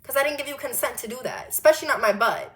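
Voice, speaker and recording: A woman of twenty telling a storytime monologue, animated and blunt, swearing freely and firing off rhetorical questions. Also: sits high, fast talker. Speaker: vlogger.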